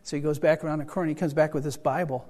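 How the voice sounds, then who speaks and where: An older male pastor with a fairly high voice tells a story from the pulpit, chatty and animated, and pokes fun at himself. His words ring out with a long hall reverb, as if spoken in a large room with a congregation. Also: racing. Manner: chatty and animated, with self-deprecating humor. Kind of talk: storytelling sermon.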